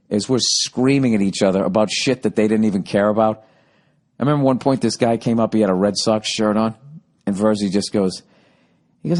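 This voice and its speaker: A middle-aged man hosting a podcast, telling rambling comedic stories full of swearing and sudden jumps in pitch. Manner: profane, animated storytelling with sudden pitch jumps. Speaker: podcast host.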